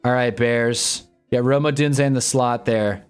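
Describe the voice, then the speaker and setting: A young man casually reacting to live football games on a stream, swinging from low muttering to excited yelling at big plays. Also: a little slow, smooth, faint music behind. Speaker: sports streamer. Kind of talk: live football watch-along commentary. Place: home streaming room with green screen.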